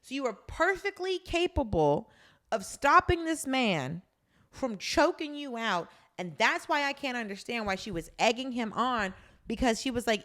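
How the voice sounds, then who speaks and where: A woman's voice: on the high side, normal speed. Blunt, swearing woman podcast co-host. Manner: blunt, animated, swears freely. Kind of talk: casual chat recapping a drama.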